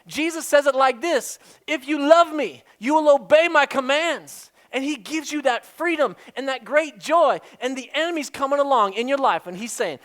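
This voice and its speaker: Emphatic preacher man, loud then hushed. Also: very high voice, lively intonation, moderate pace, hardly any pauses. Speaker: pastor. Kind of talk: sermon.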